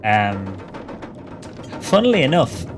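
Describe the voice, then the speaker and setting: A man's voice: lowish voice, very animated, slow. Easygoing Dublin-accented man streaming a game. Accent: Dublin Irish. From Ireland. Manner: chatty and easygoing, laughs often, answers chat messages. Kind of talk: live gameplay commentary, chatting with viewers. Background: music.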